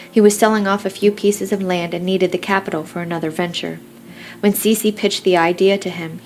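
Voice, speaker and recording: Low-pitched woman narrating a romance. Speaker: audiobook narrator. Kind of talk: first-person romance narration.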